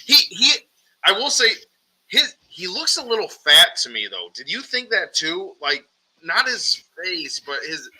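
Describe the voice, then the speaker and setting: A man chatting casually on a live stream, talking about collectibles in an excited, profane way. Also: fairly high pitch, slightly rough, poor audio.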